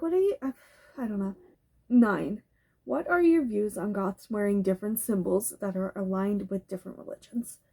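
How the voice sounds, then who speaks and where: A woman's voice: mid-range voice, mellow. A woman talking candidly in a casual tag video at home, swearing freely and getting heated at times. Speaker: goth YouTuber. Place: home bedroom with a cat nearby.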